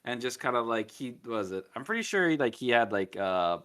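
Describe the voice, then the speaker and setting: A man's voice: mid-range voice, very animated, fairly quick, fairly bright tone. A man in his twenties co-hosting a podcast, telling rambling work anecdotes in casual chat. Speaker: podcast co-host.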